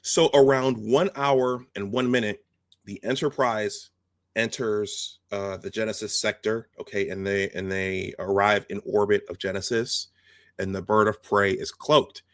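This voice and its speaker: A man hosting a video, telling a film's story in a casual, halting, animated way and acting out the scenes. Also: on the low side, dry recording, clean studio sound. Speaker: host. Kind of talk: casual film retelling.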